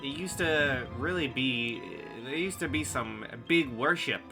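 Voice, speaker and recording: A man's voice: medium pitch, expressive, measured pace, music in the background, close to an everyday voice. A man voicing a nervous, rambling male halfling villager who stammers and gossips. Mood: gossipy. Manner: stammering, jumpy.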